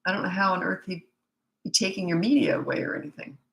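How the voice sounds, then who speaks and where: A woman's voice: fairly low pitch, fairly even intonation, fast, vocal fry, fairly bright tone. A middle-aged woman, a parenting coach, bluntly and emphatically answering viewer questions in a live Q&A session. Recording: echoey room.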